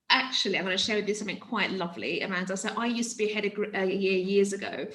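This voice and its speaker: A woman teacher answering interview questions over a video call in an animated way, often stopping and restarting. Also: mid-range voice. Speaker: teacher and author, interview guest. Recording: roomy echo on a video call.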